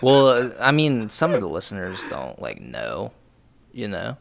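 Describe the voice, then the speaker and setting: A man's voice: fairly low pitch, huge pitch swings, a little slow, creaky. A young man co-hosting a podcast in casual chat, swearing often and laughing easily. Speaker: podcast co-host.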